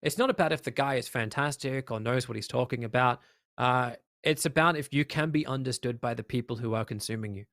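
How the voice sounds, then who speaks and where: Appearing as a guest in a casual interview, an Australian esports caster talks emphatically and readily slips into the voices of the people he describes. His mid-pitched delivery is animated and loose, packed with fillers, and the sound is dry and close-miked with no echo.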